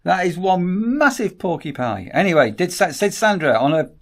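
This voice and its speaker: Teasing Northern English man, lively pitch. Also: moderate pace. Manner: teasing, jokey, laughs often. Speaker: vlogger. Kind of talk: casual banter.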